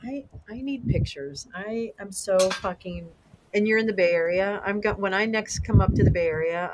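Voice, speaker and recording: A middle-aged livestream host chatting casually with viewers, excitable and rambling, swearing freely. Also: medium pitch, slight background noise, poor audio.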